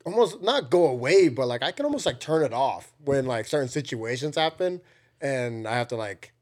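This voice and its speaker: A young man with a plain middle-range voice talks on a podcast. He is easygoing and conversational. He asks the others questions in a loose, relaxed way. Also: mid-range voice, normal speed. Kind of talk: casual podcast chat.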